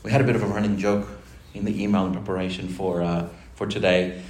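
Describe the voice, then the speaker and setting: A man's voice: sits low, steady tone, quick pace, darkish tone. A man preaching a sermon to his church, in a chatty, joking way. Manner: chatty, jokey preaching with laughs. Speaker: pastor. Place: church hall. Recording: roomy church recording with faint noise.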